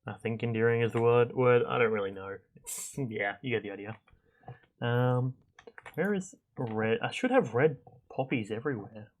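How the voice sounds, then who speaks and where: A young man streaming a game, chatting casually and thinking out loud with lots of fillers and restarts. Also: medium pitch, normal speed. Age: young adult. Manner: rambling, chatty, thinks aloud with many fillers. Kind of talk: casual gameplay commentary.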